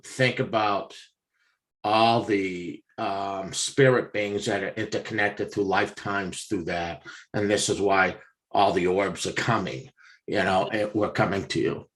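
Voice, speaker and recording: A man's voice: fairly low pitch, a bit bright. A man as a guest in casual chat, rambling and now and then teasing.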